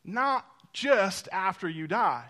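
A man preaching a sermon. He tells stories and talks straight to the congregation with asides, swinging from loud emphasis to hushed, intimate moments. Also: sits high, very animated, takes it slowly. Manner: speaks to the congregation directly, with asides. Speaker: pastor.

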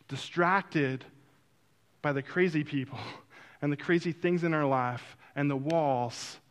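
A man telling a personal story in a sermon-like way, acting out quotes and then turning soft and reflective. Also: a little high. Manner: animated, acts out quotes, drops to a soft reflective tone.

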